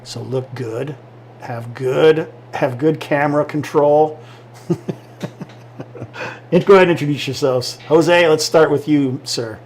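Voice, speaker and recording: A man's voice: on the high side, measured pace, pauses often, darkish tone, slight background noise. Chatty upbeat man hosting a stream. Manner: upbeat and chatty, laughs often. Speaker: game master and stream host. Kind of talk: casual livestream introduction.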